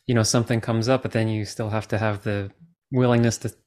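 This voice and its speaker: A man's voice: lowish voice, level tone, fairly quick, darkish tone. A man interviewing a friend, giving brief encouraging replies and praise. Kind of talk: casual interview.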